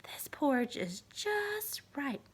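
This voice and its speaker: A woman voicing a curious, choosy little girl in a storybook, speaking her lines slowly and drawn-out. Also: sits high, wildly swooping pitch, a bit bright, full character voice.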